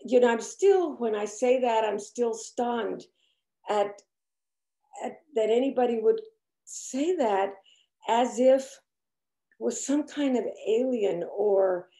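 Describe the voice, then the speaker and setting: A slow-spoken older woman with a light Spanish accent, her voice gravelly and mellow. She talks haltingly and nervously, restarting often, heard in an echoey room. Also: a little high. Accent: Spanish-accented English. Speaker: church discussion speaker. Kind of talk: personal testimony to a group.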